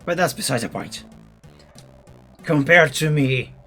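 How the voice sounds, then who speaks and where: Man voicing a slow, gloating evil creature. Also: a little high, lively intonation, a bit bright, faint music behind. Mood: mocking. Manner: slow, gloating, drawn-out menace. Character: evil male creature taunting a young witch.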